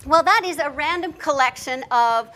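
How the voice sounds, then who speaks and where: A middle-aged woman giving a lively, chatty workshop talk to teachers, joking at her own expense. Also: high voice, moderate pace. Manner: lively, chatty, self-deprecating, with laughs. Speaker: literacy presenter.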